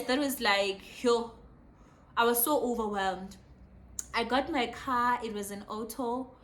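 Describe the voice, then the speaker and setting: Bright, excitable South African woman. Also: a little high. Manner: excitable, emotional storytelling with code-switching. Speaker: vlogger. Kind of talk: casual storytime.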